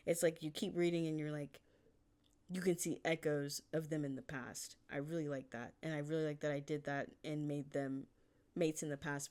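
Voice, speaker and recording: Woman author with a deep, low voice, chatty and rambling, laughs a lot, casual swearing. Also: darkish tone. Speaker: fan fiction author. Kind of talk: casual chapter discussion.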